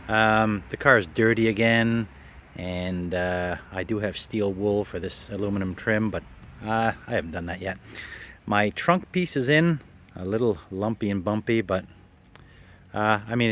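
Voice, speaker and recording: A man's voice: fairly low pitch, fairly bright tone, slight background noise. A man restoring a classic car in his garage, talking casually to the camera with lots of fillers and a dry, sarcastic streak. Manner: easygoing, rambling, many fillers, dry sarcasm. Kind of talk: casual workshop vlog narration. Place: garage workshop.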